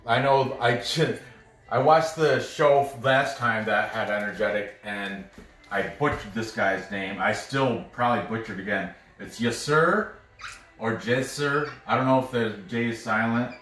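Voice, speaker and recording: A man's voice: fairly low pitch, fairly even intonation, normal speed, fairly bright tone. A man casually breaking down soccer matches for bettors, thinking aloud and stumbling over names. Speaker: sports betting analyst. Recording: roomy, mic at a distance.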